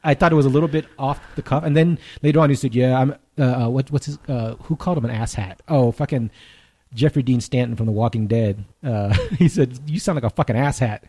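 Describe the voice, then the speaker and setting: A man's voice: medium pitch, mellow, slightly rough. A man co-hosting a podcast, ranting in casual, profane chat. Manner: ranting, profane, fast-talking. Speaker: podcast co-host.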